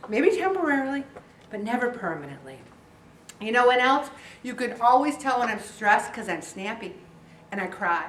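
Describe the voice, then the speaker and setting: A fairly high-voiced woman talks to a support group in a chatty, joking way, slipping into the voices of the people she quotes. Her voice rings around a roomy hall and is picked up from some distance away. A faint hum of room noise sits underneath. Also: a bit bright. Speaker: weight loss group leader. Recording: echoey room, voice picked up from afar.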